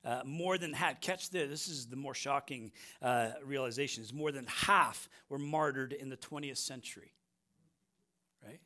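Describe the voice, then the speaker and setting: A man's voice: mid-range voice, moderate pace, sharp tone. A middle-aged American man preaching a sermon, emphatic, repeating phrases and asking "right?" often. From United States. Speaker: pastor.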